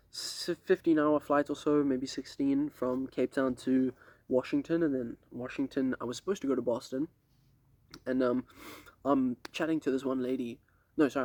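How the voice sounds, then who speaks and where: A man's voice: mid-range voice, darkish tone, dry recording. Rambling young man vlogging outdoors. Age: young adult. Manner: rambling, slangy, swears casually. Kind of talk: casual vlog update. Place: outdoors on a lake dock at night. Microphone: camera set up a few steps away.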